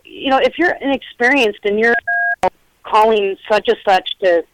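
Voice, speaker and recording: A middle-aged woman, a paranormal investigator, telling stories in a chatty, animated way over a phone line and acting out the quotes. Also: on the high side, normal speed, no echo. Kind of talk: casual storytelling interview.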